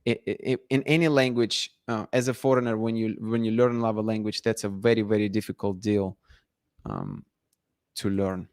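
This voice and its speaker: A man's voice: fairly low pitch, lively intonation, normal speed, no echo, clean studio sound. Chatty man. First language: Russian. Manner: chatty, laughs often, trails off and restarts. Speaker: livestream host. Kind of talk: casual livestream chat reading comments.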